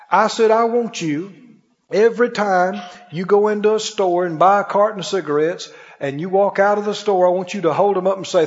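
A high-pitched man preaches to his congregation, playing out both voices of a story and climbing to forceful peaks. His voice rings in a large church hall with a long reverb tail. The recording sounds slightly muffled and dull. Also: brisk. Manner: storytelling preacher who acts out both sides of a dialogue, rising to emphatic peaks. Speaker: pastor. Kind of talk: sermon. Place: church sanctuary. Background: congregation calling out amens.

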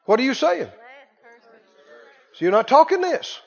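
Pastor, high-pitched, emphatic call-and-response preaching; muffled sound, long reverb. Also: male voice, sing-song, a little slow, gravelly. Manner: emphatic, repetitive preaching, calls for audience response. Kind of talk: sermon. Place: church hall. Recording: muffled, reverberant church recording.

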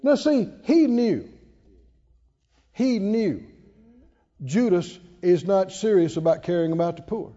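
A man preaches in a high, sweeping voice that rises and falls dramatically and calls on the congregation to answer him. His words ring with a long church reverb. The sound is dull and muffled. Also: lively intonation, slow pace, dark tone. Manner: dramatic, call-and-response preaching. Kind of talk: sermon.

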